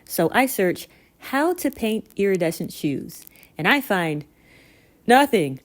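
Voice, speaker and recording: A woman vlogger narrating a scripted story in an animated, exasperated and self-mocking way. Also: medium pitch, slow.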